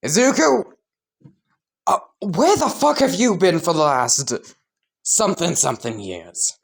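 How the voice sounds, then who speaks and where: Woman voicing a brash, swearing teenage boy; loud, punchy, raised pitch. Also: big pitch swings, takes it slowly, vocal fry, full character voice. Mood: angry. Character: hot-tempered, foul-mouthed teenage boy.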